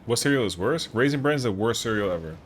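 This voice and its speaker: A man's voice: medium pitch, lively intonation, fast, faint music behind. A man streaming a game live, chatting casually with viewers in a rambling, slangy way. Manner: rambling, slangy, answers chat.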